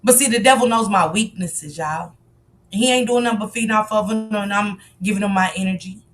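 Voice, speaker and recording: A woman's voice: medium pitch, fairly quick, slight background noise. A woman hosting a live stream in casual chat, speaking candidly and confessionally, swearing freely as she greets and answers her viewers. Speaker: livestream host.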